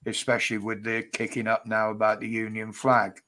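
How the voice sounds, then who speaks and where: A man's voice: on the low side, monotone, a little fast, crowd noise. A man hosting a casual livestream chat, rambling, laughing and cheeky. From United Kingdom. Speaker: livestream host.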